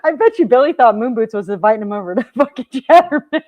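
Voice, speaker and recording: A woman's voice: on the high side, expressive, fast talker, a little mellow. Giggly, gossipy woman co-host. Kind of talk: casual livestream chat.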